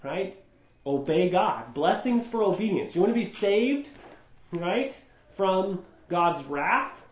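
Bible study teacher: man, fairly high voice, emphatic, echoey room. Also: sing-song, slow pace. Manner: emphatic, explains word by word, asks rhetorical questions. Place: indoor room with a group.

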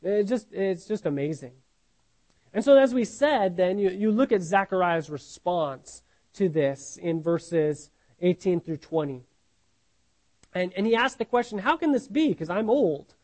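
A man's voice: high-pitched, lively intonation, measured pace, a little mellow, poor audio. A man preaching a Bible sermon in an earnest, questioning way, often restarting words and asking "right?".

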